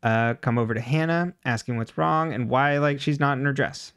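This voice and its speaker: A man's voice: medium pitch, moderate pace, a bit bright, clean tone, no echo, clean studio sound. A man co-hosting a podcast, recapping a TV episode in casual chat, full of fillers and frequent laughs. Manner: chatty, laughs often, many "like" and "um" fillers.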